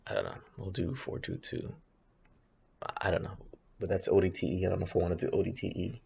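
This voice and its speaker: Deep monotone guy muttering thru his trades, gravelly, bit muffled mic. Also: quick pace. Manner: hesitant, rambling, many restarts and self-corrections. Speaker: options trader streaming his chart analysis. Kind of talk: casual thinking-aloud market commentary.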